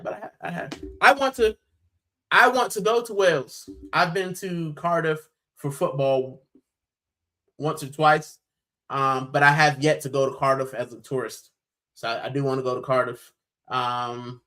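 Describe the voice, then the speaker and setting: A man's voice: on the high side, moderate pace, sharp tone, low-quality recording. A man from Puerto Rico hosting a football channel's live stream, chatting casually and animatedly, with plenty of "bro".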